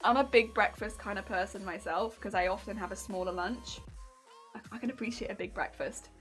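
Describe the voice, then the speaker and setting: Sewing on stream, a young woman chats casually, giggling, raving about a show and reading out her chat. She has a mid-range voice and talks briskly over faint background music.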